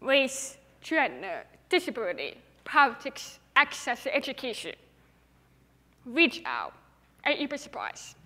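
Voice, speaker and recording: A woman's voice: sits high, huge pitch swings, unhurried, pushed and bright. A young woman with a deaf speaker's accent, giving an earnest, emphatic inspirational talk on stage. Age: young adult. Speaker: TEDx speaker. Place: large hall. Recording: reverberant hall.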